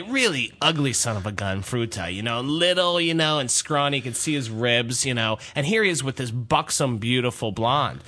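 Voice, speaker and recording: A man's voice: mid-range voice, pushed and bright. A middle-aged man telling a comic story in casual talk, jokey and self-deprecating, often laughing. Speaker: podcast co-host.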